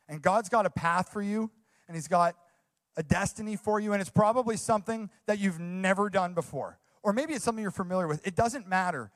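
A young youth pastor preaches a sermon in a high voice, earnest and enthusiastic, repeating phrases to drive his points home.

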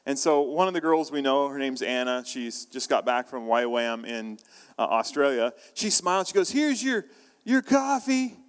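A man's voice: medium pitch, normal speed, smooth. A man preaching a sermon as pastor, telling a story in a conversational way with frequent restarts. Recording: long reverb of a large hall.

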